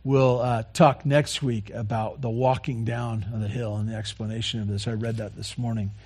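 A man preaching a sermon, earnestly repeating key phrases and moving between quiet, soft lines and louder passages. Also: mid-range voice, flat delivery, normal speed, slightly rough. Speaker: pastor.

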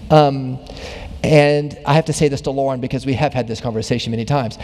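A man's voice: mid-range voice, fairly even intonation, fairly quick, darkish tone, long reverb tail. A man pastor delivering a conversational sermon in a church, with dry jokes and easygoing asides. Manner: conversational preaching with self-deprecating jokes. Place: church sanctuary.

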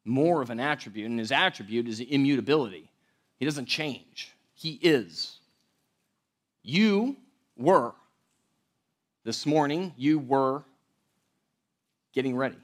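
A man preaching a verse-by-verse sermon in a conversational way, with joking asides and big swings between loud and quiet. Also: medium pitch. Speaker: pastor.

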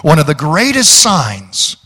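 A man's voice: a little high, huge pitch swings, slow, sharp tone, slightly rough, in a large hall. A man preaching a sermon, folksy and joking, with emphatic calls to the congregation. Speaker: pastor.

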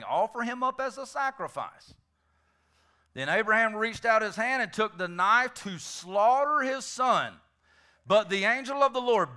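High, bright-voiced man preaching a sermon. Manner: emphatic, building to shouts; conversational asides to the congregation.

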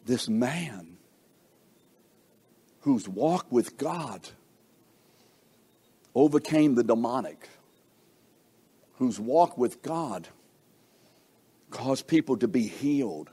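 A middle-aged man preaching a sermon, slow and emphatic, asking the congregation rhetorical questions. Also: animated, warm tone, slightly rough. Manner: slow, emphatic preaching with wide swings in pitch and volume.

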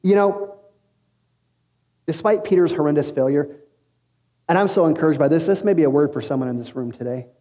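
A man's voice: fairly high pitch, fairly quick, pauses often. A male pastor preaching a sermon in a casual, storytelling way, acting out the characters he quotes. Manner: storytelling, casual slang, lively acted quotes. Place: large room with an audience. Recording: long reverb in a hall.

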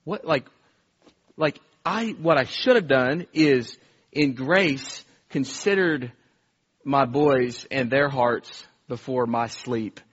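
A man's voice: mid-range voice, takes it slowly, husky, highs cut off. A man preaching a conversational sermon, telling stories earnestly with frequent restarts and repeated words. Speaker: pastor.

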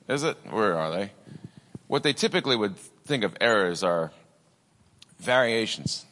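A man's voice: medium pitch, fairly bright tone, in a large hall. A man preaching a sermon in a conversational way, with many asides and fillers. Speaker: pastor.

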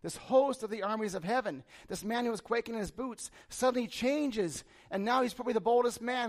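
Male preacher, high-pitched, retells scripture in casual modern talk. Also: a little fast, hardly any pauses. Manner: acts out the frightened servant with sudden animated bursts. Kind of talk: sermon.

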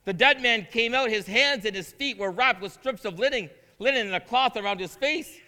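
A man's voice: very high voice, normal speed, pushed and bright. A man preaching a sermon as interim pastor, reading scripture and talking in earnest asides that build to emphatic proclamation. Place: church sanctuary. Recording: long church-hall reverb.

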